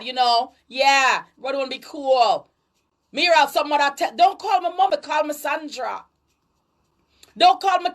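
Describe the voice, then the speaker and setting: Jamaican woman, high-pitched, emphatic lecturing commentary with patois. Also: fairly bright tone. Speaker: online commentator. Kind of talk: preachy social commentary monologue.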